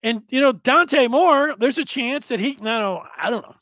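Animated high-voiced male sports talk host. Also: moderate pace, no echo. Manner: rambling, animated, with sudden loud bursts. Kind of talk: casual sports talk monologue.

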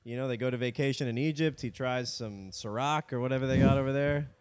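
A man's voice: mid-range voice, fast, a little mellow, smooth. A man co-hosting a casual comedy history podcast, joking around and slipping into silly voices. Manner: jokey, slips into silly put-on voices. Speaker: podcast co-host. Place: home studio with a cat.

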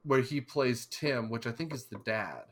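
A man's voice: medium pitch, moderate pace, slight background noise. Rambling man co-hosting a podcast. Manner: rambling, digressive, joking. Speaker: podcast co-host. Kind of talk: casual chat.

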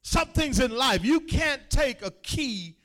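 A man with a very high voice preaches a sermon at an unhurried, deliberate pace. He calls out to the congregation and waits on their replies, climbing from quiet talk into shouted, half-sung lines. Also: expressive. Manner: call-and-response preaching, rising to shouts. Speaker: pastor.

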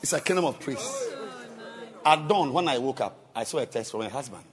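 With a crowd audible behind him, a bishop delivers sermon stories at a brisk clip in a medium-pitched voice. He's animated throughout, playing out the dialogue and leaning heavily on repetition.

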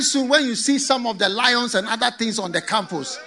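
A high-voiced preacher, telling his sermon as a dramatic story with a lively, swooping delivery. His tone is bright and sharp, and he drops in playful asides. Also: normal speed, few pauses.

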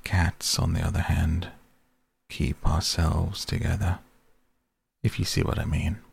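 A man with a deep, slow, gravelly voice voicing a dry, self-satisfied talking cat in a storybook reading. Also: little pitch movement, heavily acted. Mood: dry, aloof. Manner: dry, unhurried, superior.

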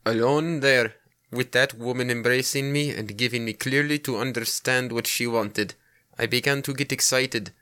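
A man's voice: medium pitch, fairly even intonation, normal speed, pushed and bright, clean tone, natural voice. A man voicing an adult Brazilian man who recounts an alien encounter in a put-on Brazilian accent, with stilted, translated-sounding phrasing. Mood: earnest. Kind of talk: podcast dramatic reading.

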